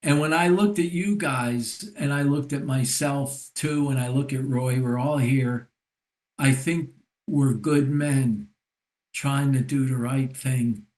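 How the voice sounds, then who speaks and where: Slow, reflective older man. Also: medium pitch, darkish tone. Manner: unhurried, reflective storyteller. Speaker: therapist and recovery mentor. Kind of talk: casual storytelling in a podcast discussion.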